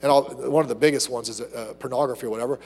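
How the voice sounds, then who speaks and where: A man preaching a sermon as pastor, animated, acting out little asides and quotes. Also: mid-range voice, racing, creaky, slightly rough, in a large hall.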